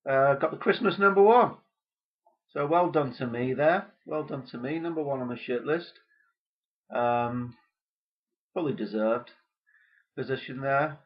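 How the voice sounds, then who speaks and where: A man hosting a comedy show, delivering a deadpan, gloomy rant full of hesitant pauses. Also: medium pitch, dull audio. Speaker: comedy podcast host.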